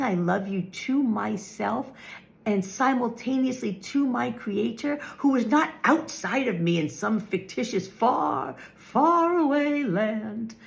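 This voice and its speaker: A woman in her fifties talks earnestly about spiritual matters, with a gravelly, fry-tinged voice at a middle pitch. She is emphatic and often repeats her phrases for weight. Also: a little mellow. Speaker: spiritual vlogger. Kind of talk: reflective spiritual talk.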